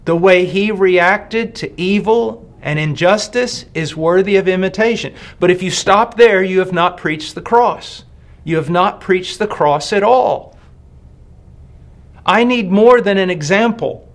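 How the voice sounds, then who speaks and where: A man delivers a sermon in a somewhat high voice, speaking slowly and deliberately. He leans hard on key words, drawing them out. He repeats his main lines for emphasis. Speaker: preacher.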